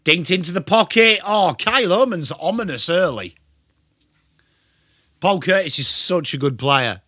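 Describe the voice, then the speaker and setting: Lively English man hosting a footy watchalong. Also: high-pitched, a little slow, no echo, studio quality. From England. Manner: chatty, greets viewers, lively. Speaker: livestream host. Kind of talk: live football watchalong commentary.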